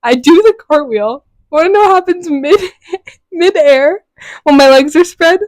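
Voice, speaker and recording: A woman's voice: high voice, animated, unhurried, darkish tone, no room sound. A teenage girl co-hosting a podcast, telling an embarrassing story in casual chat, laughing until she cries. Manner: giggly, storytelling, laughs through her words. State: laugh-crying. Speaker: podcast co-host.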